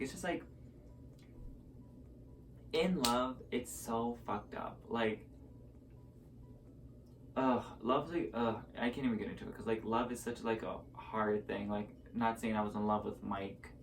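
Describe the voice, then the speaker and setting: A man's voice: lowish voice, steady tone, measured pace, long pauses, recorded from a distance, slight background noise, rough recording. A young man telling a story to a camera at home in a rambling, casual way, full of fillers, and acting out both sides of each conversation. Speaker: vlogger.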